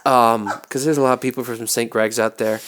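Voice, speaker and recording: A male priest chats on a podcast in an everyday, mid-pitched voice. He tells his story with animation, restarts sentences as he goes, and breaks into laughter often. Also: fairly even intonation, a little fast, heavy background noise. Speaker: Catholic priest, podcast guest. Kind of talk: casual podcast chat.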